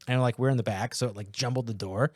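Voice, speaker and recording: A man co-hosting a podcast, swearing and laughing through animated casual stories. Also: medium pitch, fast, dry recording, studio quality. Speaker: podcast co-host. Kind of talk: casual chat.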